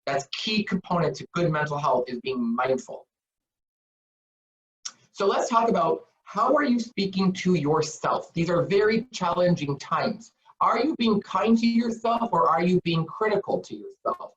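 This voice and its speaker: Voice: medium pitch, expressive, unhurried. Webinar counselor, earnest and encouraging, heard through a dull, roomy laptop mic on a video call. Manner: earnest, encouraging, rhetorical questions. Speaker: webinar presenter on mental health. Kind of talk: live webinar talk. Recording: echoey, distant, dull laptop audio.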